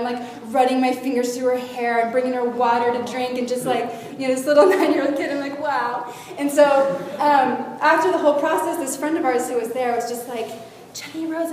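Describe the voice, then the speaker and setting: A woman animatedly telling a personal faith story to a young audience as a guest speaker. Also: sits high. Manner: animated storytelling with lively shifts in loudness. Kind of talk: personal testimony to a youth audience. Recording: echoey hall, faint noise.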